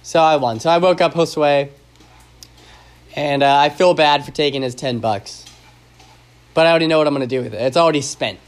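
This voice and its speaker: A man with a somewhat high voice hosts a loose, casual podcast. He rambles and jokes his way through stories, and his talk is full of ums, uhs and restarts. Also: fairly quick, long pauses. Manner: rambling and joking, with many fillers and restarts. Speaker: podcast host. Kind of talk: casual solo podcast chat.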